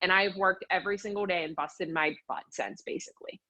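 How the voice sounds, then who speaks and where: A woman's voice: fairly low pitch, fairly quick. Chatty young woman telling her story. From western Pennsylvania. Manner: chatty, fills speech with "like", animated retelling. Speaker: podcast guest, fitness coach. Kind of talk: casual storytelling interview.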